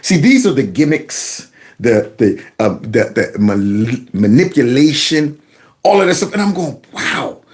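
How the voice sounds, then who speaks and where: A man hosting a political commentary vlog, talking in an animated, mocking, folksy way. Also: medium pitch, a little slow. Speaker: commentary channel host.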